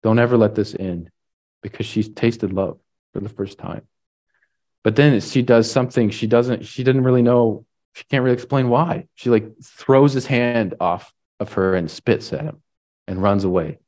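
A man's voice: mid-range voice, normal speed, a little mellow. A man preaching a sermon, retelling a story in a casual way with lots of "like" and "right?". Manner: casual, filler-heavy retelling with frequent "like" and "right?".

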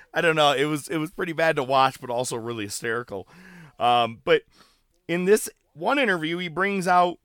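A man co-hosting a casual wrestling recap podcast, animated and laughing, acting out quotes as he talks. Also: a little high, normal speed, long pauses, clean tone, no echo, clean studio sound. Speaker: podcast co-host.

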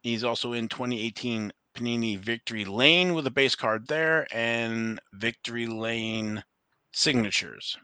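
Bright, smooth-voiced man chatting casually. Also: medium pitch, unhurried, no echo. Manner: rambling, self-correcting, laughs easily. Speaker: podcast co-host. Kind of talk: casual chat about racing and trading cards.

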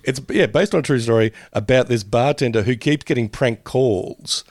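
A man's voice: medium pitch, a little mellow, no room sound, studio quality. A man, co-hosting a casual podcast chat, rambling and laughing often. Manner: rambling, laughs often, drifts into quick impressions. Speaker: podcast co-host.

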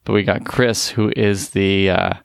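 A man's voice: low voice, steady tone, a little slow, vocal fry, clear, resonant tone, no echo, clean studio sound. A man co-hosting a casual music podcast, easygoing as he leads the discussion. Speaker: podcast co-host.

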